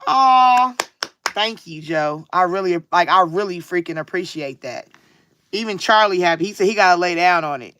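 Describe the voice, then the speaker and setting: A woman's voice: fairly low pitch, expressive, moderate pace, a bit bright. A woman, talking casually and sarcastically to her livestream viewers, with a preacher-like cadence. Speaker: livestream tarot reader.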